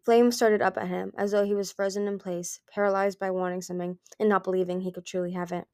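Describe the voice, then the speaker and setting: A woman's voice: lowish voice, steady tone, a little fast, hardly any pauses, darkish tone, no room sound, studio quality. A woman reading a fantasy novel aloud in an amateur recording, with small slips and restarts. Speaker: audiobook reader.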